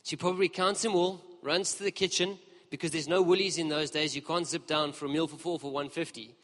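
Man preaching a conversational sermon, slightly high voice, long church reverb. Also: fairly quick. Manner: storytelling, lively and conversational with the congregation. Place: church hall. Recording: long reverb of a large hall.

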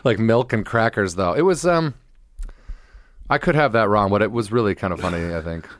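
A man's voice: on the low side, expressive, moderate pace, dry recording. Young male podcast co-host, loose jokey storyteller, dry close recording. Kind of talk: casual chat.

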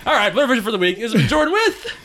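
A man's voice: very high voice, racing. Young guy cohosting a podcast, jokey, voice jumps all over the place. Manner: animated, laughing, joking. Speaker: podcast co-host. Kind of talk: casual chat.

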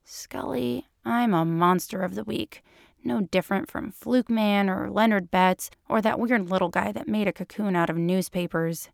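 A woman puts on a sheepish male agent, mopey and unsure of himself. He speaks hesitantly, softer and slower than her narration. The sound is dry and close. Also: medium pitch, gravelly, no room sound, lightly acted.

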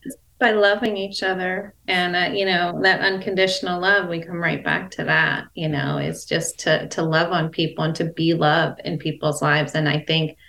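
A woman's voice: fairly low pitch, little pitch movement, normal speed, creaky, a bit bright. A woman guest in a reflective conversation, talking thoughtfully with many fillers. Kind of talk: casual conversation. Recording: echoey room.

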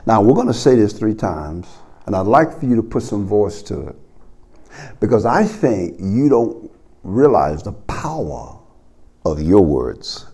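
Lively, slow-preaching male pastor. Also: slightly rough. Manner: preaching with sweeping swings between loud calls and low murmurs. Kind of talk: sermon.

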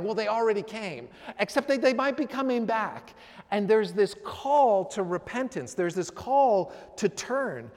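A man's voice: sits high, sing-song, a little slow, a little mellow. A man preaching a sermon as pastor, talking conversationally and acting out what his listeners might say, in a church. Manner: conversational, acts out voices of listeners. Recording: long hall reverb.

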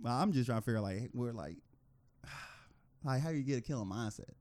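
A man co-hosting a podcast in casual chat, animated and acting out quoted reactions with bursts of laughter. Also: medium pitch, fairly quick, a little hiss or hum. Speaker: podcast co-host.

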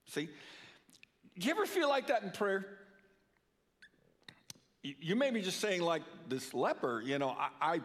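A man's voice: high-pitched, very animated, normal speed, long pauses, a bit bright. An older man preaching a sermon in a church, earnest, often repeating words for emphasis. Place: church sanctuary. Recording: long reverb of a church hall.

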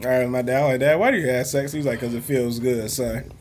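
A man's voice: medium pitch, steady tone, fairly quick, slight background noise. A man, co-hosting a podcast in casual chat, telling crude stories and laughing often. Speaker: podcast co-host.

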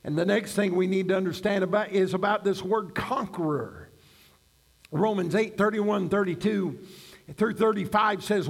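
A middle-aged man preaching a sermon, building to shouted emphasis on key phrases. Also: sits high, moderate pace, gravelly. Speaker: pastor.

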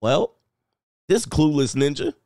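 A man's voice: fairly high pitch, slow, no room sound. Joking man with a dry close sound. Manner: joking, animated, reads news aloud. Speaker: coach and channel host. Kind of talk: casual reaction commentary.

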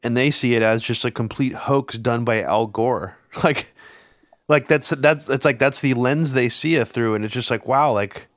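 A man co-hosting a casual political talk show, rambling and swearing, his voice jumping up in pitch when he gets worked up. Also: moderate pace, dry recording, clean studio sound. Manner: rambling, swears, many fillers and restarts, pitch jumps up when agitated. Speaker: podcast co-host.

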